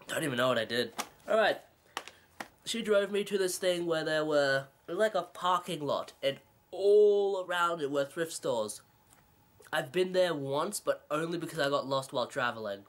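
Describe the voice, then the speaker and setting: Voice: medium pitch, lively intonation, measured pace, pauses often, a little hiss or hum. A video game collector talking through recent purchases in a casual, rambling vlog, full of sarcastic jokes and self-mocking asides. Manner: rambling, joking and sarcastic, with frequent laughs.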